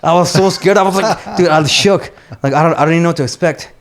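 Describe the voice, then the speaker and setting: A man's voice: fairly high pitch, quick pace. A man on a podcast telling a story with animation, cursing freely and slipping in Spanish words. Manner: animated storyteller, swears often, says "dude" and "bro". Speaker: podcast host. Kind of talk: casual chat, storytelling.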